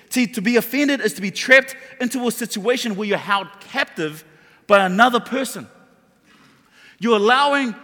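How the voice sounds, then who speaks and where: A man's voice: sits high, pushed and bright. A man preaching a sermon, impassioned and emphatic, repeating his key phrases. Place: church hall. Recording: long reverb of a large hall.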